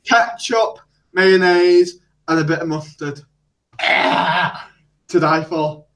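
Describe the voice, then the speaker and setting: A young man co-hosting a casual chat stream, who talks in a joking, drawn-out way. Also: high-pitched, steady tone, gravelly, fairly bright tone, rough recording. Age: young adult. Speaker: podcast co-host.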